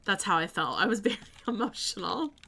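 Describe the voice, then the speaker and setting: A woman's voice: mid-range voice, animated, brisk, gravelly, pushed and bright. A woman streamer chatting casually while building in a game, thinking aloud and answering her chat.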